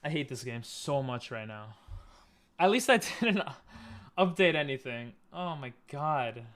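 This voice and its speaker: A man streaming a game live from his room, talking to himself in halting, frustrated bursts with frequent restarts and laughs. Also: mid-range voice, expressive, fairly bright tone, a little hiss or hum. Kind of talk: live gameplay commentary.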